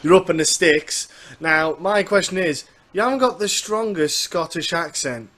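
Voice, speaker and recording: A man's voice: high-pitched, normal speed, a bit bright. A man hosting a podcast, chatty and asking friendly questions in a casual interview. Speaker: podcast host. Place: Isle of Man.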